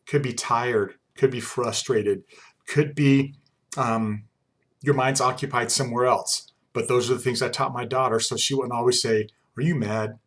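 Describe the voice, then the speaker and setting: A male college instructor in his forties lectures quickly and casually. He keeps it conversational, leaning on personal stories. His voice sits at an ordinary middle pitch. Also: steady tone. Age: 40s. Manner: fast-talking, conversational, uses personal anecdotes. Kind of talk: classroom lecture.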